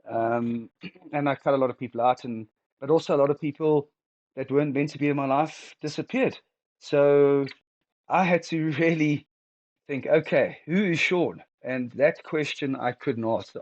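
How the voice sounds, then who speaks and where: A middle-aged man speaking candidly as an interview guest, halting and emotional, close to tears and restarting his sentences often. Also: mid-range voice, no echo, low-quality recording.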